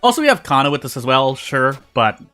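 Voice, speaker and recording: A man's voice: mid-range voice, sing-song, fairly quick, bright, forceful tone. A man streaming a game, chatting casually as he plays and eats, often repeating himself and restarting his sentences, with faint game music behind him. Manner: rambling, repeats phrases and restarts mid-sentence; talks while eating. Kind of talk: casual gameplay commentary.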